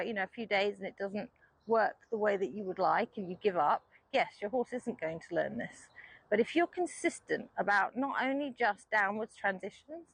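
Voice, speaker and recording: Calm woman riding instructor. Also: mid-range voice, husky, no room sound, low-quality recording. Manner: calm, patient explaining. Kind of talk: explanatory lesson while riding.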